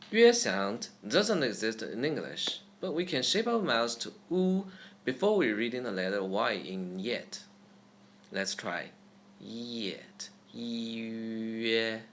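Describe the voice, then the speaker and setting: A man's voice: medium pitch, a bit bright. A man teaching pronunciation step by step, saying each sound over and over with care. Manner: slow, careful, demonstrating sounds repeatedly. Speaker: language teacher. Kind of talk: pronunciation lesson.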